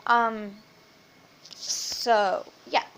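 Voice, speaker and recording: A woman's voice: fairly high pitch, fairly even intonation, very slow, fairly bright tone, clear, resonant tone, low-quality recording. A young woman venting casually at home, rambling and swearing freely. Her voice is strained from a sore throat and sometimes drops to a whisper. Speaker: vlogger. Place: at home with her baby nearby.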